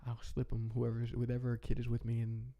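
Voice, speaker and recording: A man's voice: medium pitch, completely flat delivery, brisk, vocal fry, dull audio. A young man talking in a rambling, heartfelt way, chatting casually as a podcast host. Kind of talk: casual reflective chat.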